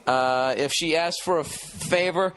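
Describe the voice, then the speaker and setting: Sardonic male podcast host, swears freely, bright cutting voice. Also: a little high, a little slow. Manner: wry, sardonic and profane. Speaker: podcast host reading a listener email. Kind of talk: casual podcast chat.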